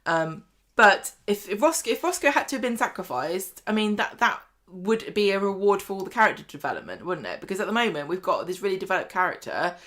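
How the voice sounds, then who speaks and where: A woman with a bright, forceful voice co-hosts a soap recap. She sounds animated and opinionated and keeps acting out what the characters could have said. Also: medium pitch, quick pace. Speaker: soap opera recap co-host. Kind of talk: casual chat.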